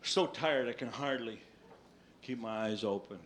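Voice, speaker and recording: A man from Tennessee doing stand-up, telling a long story in an animated, exaggerated way. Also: mid-range voice, unhurried, a little hiss or hum. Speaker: stand-up comedian. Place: stage before a live audience. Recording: live stage with audience laughter.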